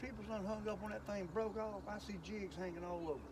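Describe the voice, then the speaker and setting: A man's voice: high voice, steady tone, brisk. An older man chatting folksily as he fishes outdoors on a lake, exclaiming at each bite. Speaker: fishing video host. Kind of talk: casual fishing commentary. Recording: outdoor ambient noise.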